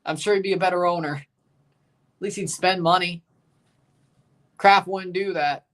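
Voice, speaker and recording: Woman streamer reacting live to a hockey game; slow, easygoing commentary that spikes into shouts on goals. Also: fairly low pitch. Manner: relaxed play-by-play that erupts into shouting on goals; answers chat questions between plays. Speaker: livestream host.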